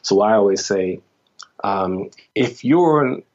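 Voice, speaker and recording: A man's voice: fairly low pitch, expressive, slow pace, darkish tone, muffled recording. A man who works as a holistic health practitioner, explaining his views as a guest in a podcast interview and often saying "you know".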